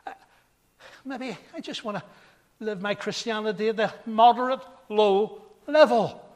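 Older male preacher, high voice, chatty stories building to emphatic appeals, echoing hall. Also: measured pace, darkish tone. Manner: conversational storytelling, then rising to emphatic. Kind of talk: sermon. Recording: long hall reverb.

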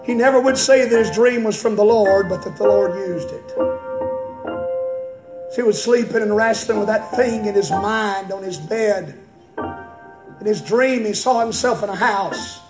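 High-pitched preacher in an echoey church. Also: male voice, a little slow. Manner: impassioned, builds to shouting. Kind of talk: sermon. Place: church sanctuary. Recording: echoey church with loud music.

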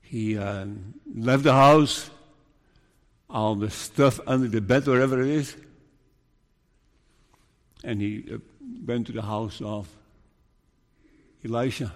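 A man preaching a sermon, telling a Bible story in an earnest, measured way and pleading with his listeners. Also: mid-range voice. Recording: long reverb of a large hall.

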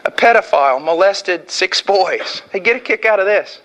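A male preacher from the United States delivers a fiery sermon in a high, bright voice. He swings between forceful outbursts and quiet, drawn-out warnings. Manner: impassioned, swinging from shouts to hushed tones.

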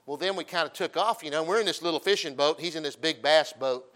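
A middle-aged man preaching a folksy, humorous sermon, swinging from loud emphasis to quiet storytelling asides. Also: fairly high pitch, fast talker. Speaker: pastor.

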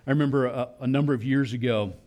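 A man preaching a sermon, animated, acting out voices in quoted lines. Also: mid-range voice, quick pace. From Philadelphia area. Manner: animated preaching, voicing God and children in quotes. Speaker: pastor.

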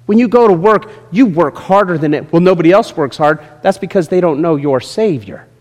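A male pastor preaching a sermon with lively, joking asides to people in the congregation. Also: on the high side, fairly quick. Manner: lively, jokes with congregation members by name. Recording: long reverb in a large hall.

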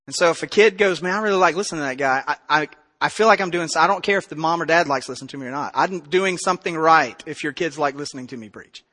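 A pastor preaching a sermon with passion, moving between loud emphasis and quiet intensity. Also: male voice, on the high side, fast, hardly any pauses. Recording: reverberant hall.

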